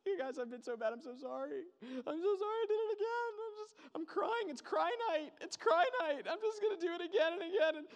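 A man's voice: lively intonation, brisk, hardly any pauses, muffled recording. A man putting on a whiny, overdramatic sobbing penitent who wails about having been bad. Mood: mock sobbing. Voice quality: high whining wail, laughing through fake tears. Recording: long hall reverb.

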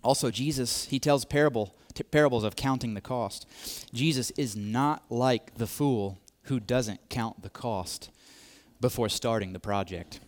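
A man's voice: medium pitch, a little slow. A man preaching a sermon, repeating key phrases, swelling to emphatic peaks and dropping to near whispers. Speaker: pastor.

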